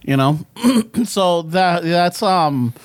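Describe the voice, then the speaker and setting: A man's voice: sits high, lively intonation, very slow, smooth, no room sound. A middle-aged man, co-hosting a casual podcast and telling stories in a rambling, profane way. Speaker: podcast co-host. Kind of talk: casual chat.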